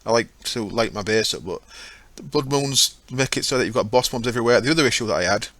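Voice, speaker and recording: Guy rambling thru his game, chatty, fixes himself mid sentence, normal pitch. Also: fast talker, fairly bright tone, dry recording. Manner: chatty, rambling, self-correcting. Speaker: gaming channel host. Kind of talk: casual gameplay commentary.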